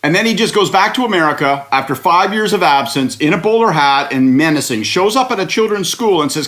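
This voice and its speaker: A man's voice: high-pitched, lively intonation, brisk, few pauses, a bit bright. A man on a political panel, chatting casually in a sardonic, rambling way with the odd swear word. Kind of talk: casual chat.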